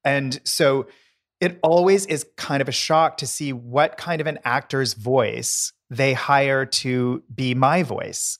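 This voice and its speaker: A man co-hosting a casual podcast with a friend. He talks at a middling pitch and tells anecdotes with relish, now and then mimicking voices for a laugh. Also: steady tone, takes it slowly, a bit bright. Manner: chatty, playful, mimics voices for effect. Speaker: podcast co-host, decorator. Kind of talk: casual chat, storytelling.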